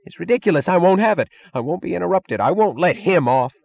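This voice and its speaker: A man voicing a hysterical, domineering official with shrill, petulant outbursts. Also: expressive, quick pace, vocal fry, darkish tone, no echo, full character voice. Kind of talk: audiobook character voice.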